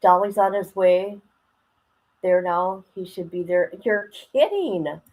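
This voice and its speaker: A woman's voice: fairly low pitch, slow pace, darkish tone, rough recording. A woman hosting a casual livestream, chatting colloquially, reading viewer comments aloud and laughing often. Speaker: livestream host.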